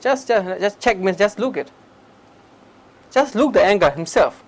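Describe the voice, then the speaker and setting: High-pitched male meditation teacher, plain broken English, short repeated lines, questions the room. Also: lively intonation, unhurried, low-quality recording. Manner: questions the listeners directly. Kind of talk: public talk on meditation.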